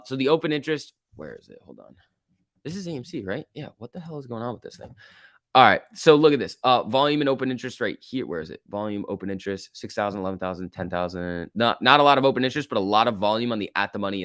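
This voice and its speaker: A man's voice: mid-range voice, bright, forceful tone, dry recording, studio quality. A man hosting a casual stock-market livestream, reading viewer comments and ranting bluntly with frequent filler words.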